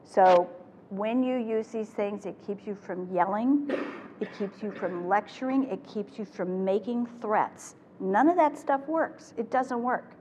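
An older woman presenting a parenting workshop to a live audience, talking in an animated way and acting out the phrases she quotes. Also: medium pitch, unhurried. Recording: echoey hall with faint noise.

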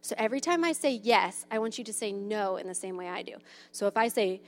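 A mother in her thirties shares parenting and play tips in a casual, chatty way, her mid-range voice expressive and quick. She fills her talk with "um" and "like" and acts out her kids' voices as she gives advice.

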